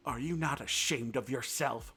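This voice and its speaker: A man's voice: medium pitch, normal speed, pushed and bright, husky. A man voicing an old, badly wounded fox who pleads and hisses with contempt in a storybook reading. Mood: bitter contempt. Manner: pleading, then hissing with contempt. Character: old wounded male fox, desperate then bitter.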